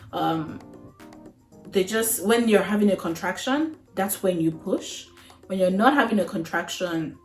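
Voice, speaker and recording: A woman's voice: lowish voice, a little mellow. A young woman vlogger telling a personal story in a candid, chatty way, full of fillers and frank asides. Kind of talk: casual storytelling to camera. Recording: roomy echo with faint music.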